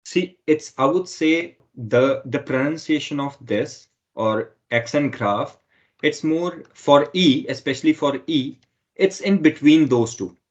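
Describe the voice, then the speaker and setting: A man's voice: fairly high pitch, unhurried, lo-fi sound. A man teaching a French lesson online who explains step by step and keeps repeating himself with "okay".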